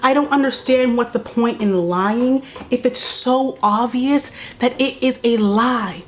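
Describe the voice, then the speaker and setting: A woman's voice: fairly high pitch, unhurried. A young woman vlogging casual commentary while doing her makeup, blunt, sarcastic and exasperated.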